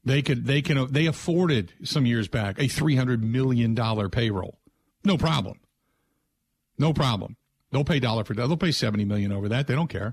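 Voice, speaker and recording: Exasperated sports radio host. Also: male voice, medium pitch, fairly quick, hardly any pauses, no echo. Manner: exasperated, ranting, animated storytelling. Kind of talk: casual radio talk.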